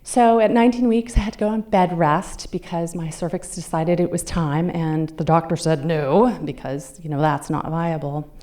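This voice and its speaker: A woman in her fifties speaks as a guest at a club meeting room, telling a personal story conversationally and acting out the voices of people she quotes. Her voice sits on the low side, mellow and steady in tone, at a normal speed with few pauses.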